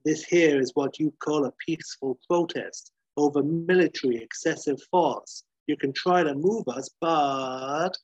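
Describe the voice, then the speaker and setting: A man doing a calm tough biker boss. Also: a little high, unhurried, few pauses, husky, no room sound, highs cut off. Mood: cool.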